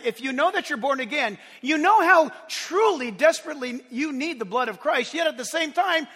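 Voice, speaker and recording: A man's voice: extremely high pitch, fairly bright tone, big-room sound. A middle-aged man preaching a sermon as pastor in a church sanctuary, impassioned and emphatic.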